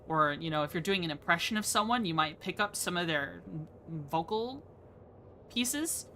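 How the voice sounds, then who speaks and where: A woman's voice: on the low side, expressive, normal speed, bright, forceful tone, a little hiss or hum. A young woman streaming a game, chatting casually and rambling from topic to topic, laughing often. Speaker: VTuber streamer. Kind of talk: casual live-stream chat.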